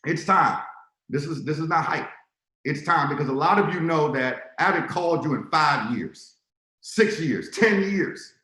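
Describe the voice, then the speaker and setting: A man's voice: a little high, expressive, a little slow, sharp tone, reverberant. A man giving a motivational sales talk on a video call, telling stories and acting out dialogue in quotes. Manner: storytelling, acts out dialogue in quotes. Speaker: speaker on a business call.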